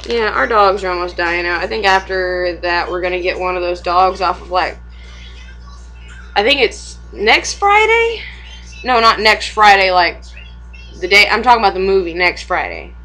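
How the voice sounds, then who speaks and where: Slow-talking young mom, bright voice. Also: female voice, mid-range voice, low-quality recording. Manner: rambling, swears freely, laughs often. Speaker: mother. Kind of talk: casual home vlog chat.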